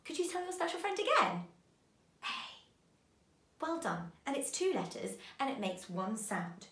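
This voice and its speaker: Woman teaching phonics to little kids, slow and singsongy, bouncy pitch, roomy echo. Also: sing-song, fairly bright tone. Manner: slow, sing-song, encouraging teacher talk to young children. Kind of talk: children's phonics lesson.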